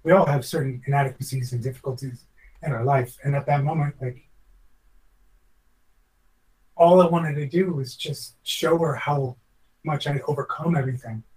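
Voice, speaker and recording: A man's voice: mid-range voice, steady tone, normal speed, pauses often, darkish tone, far from the mic, rough recording. Reflective man telling a personal story. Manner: rambling, reflective, earnest, restarts often. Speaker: podcast guest, former chef.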